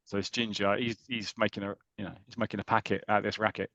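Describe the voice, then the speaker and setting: A man's voice: on the low side, flat delivery, fast talker, vocal fry, hardly any pauses, a bit bright, no room sound, dull audio. Chatty British man retelling a comic. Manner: chatty, hesitant with many ums and restarts, slips into voices for the characters. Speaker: podcast co-host retelling a comic story. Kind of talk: casual chat.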